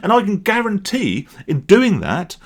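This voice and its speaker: A man's voice: high-pitched, wildly swooping pitch, a little slow. A middle-aged man, ranting bluntly in a vlog and swearing as he makes his point. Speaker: vlogger.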